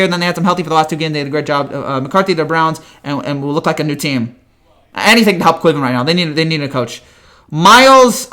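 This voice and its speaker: A young man hosting a live-stream Q&A, hyper and rapid, full of restarts and stumbles. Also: high voice, bright, forceful tone.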